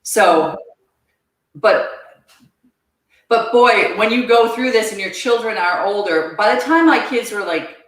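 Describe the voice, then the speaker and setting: A woman guest on a podcast, telling her personal story in an earnest, halting way and repeating words as she goes. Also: mid-range voice, expressive. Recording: very echoey room.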